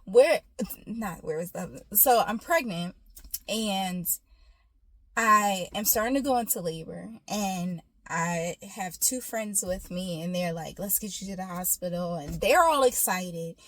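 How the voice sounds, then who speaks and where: A woman's voice: medium pitch, measured pace, no echo. A woman giving a casual, faith-based encouraging talk, telling a personal story and coaching the listener with affectionate asides. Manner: warm encouraging, storytelling, calls listener "baby". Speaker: faith and self-care speaker.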